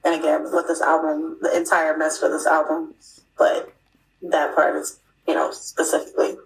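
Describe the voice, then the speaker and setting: A woman's voice: deep voice, completely flat delivery, moderate pace, creaky, a little hiss or hum. A woman in casual chat, speaking emphatically and often checking in with her listeners. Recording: echoey room, distant mic.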